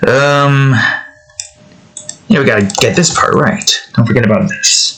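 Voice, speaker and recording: Young guy rambling while he draws, bright voice, jokey, keeps cutting himself off. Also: mid-range voice, measured pace, low-quality recording. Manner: rambling, joking, self-interrupting, sings snatches off-key. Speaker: art streamer. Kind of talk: casual chat while drawing.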